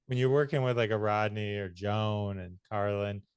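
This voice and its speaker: A male podcast host asks loose, rambling questions in a smooth, resonant voice. He sits close to the mic, and the sound is dry. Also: lowish voice, moderate pace, no echo. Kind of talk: interview questions.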